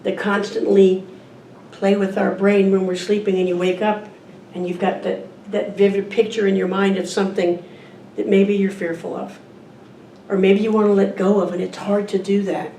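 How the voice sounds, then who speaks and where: A woman's voice: medium pitch, little pitch movement, normal speed, dark tone, a little hiss or hum. A woman giving an informal talk at a church service, reading from a picture book and asking the audience questions. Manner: conversational, asks the audience questions. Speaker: guest speaker at a church service. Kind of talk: informal sermon with a picture book read aloud. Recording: echoey room, distant mic, faint ambience.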